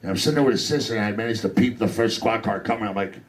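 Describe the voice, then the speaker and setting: A man's voice: lowish voice, racing. A young man doing a crude, brash stand-up set on a comedy club stage.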